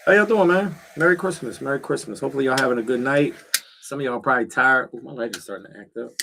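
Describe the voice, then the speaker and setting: A man's voice: medium pitch, fast talker, gravelly, background noise. A middle-aged man chatting casually on a livestream from a cold backyard shed, talking straight to his viewers with slang and fillers. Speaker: livestream host.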